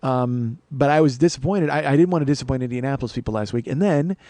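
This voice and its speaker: A middle-aged podcast host rambles through a solo comedy monologue, adding self-mocking asides and sudden bursts of loud mock-outrage. He speaks fast in a mid-range voice with no room sound.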